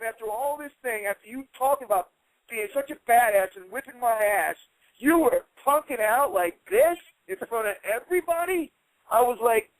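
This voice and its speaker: A middle-aged man, a guest fighter, telling a story on a radio show with animated delivery, swearing and acting out the voices of others. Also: high-pitched, normal speed, no echo, poor audio. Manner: swears, acts out quoted voices. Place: radio studio.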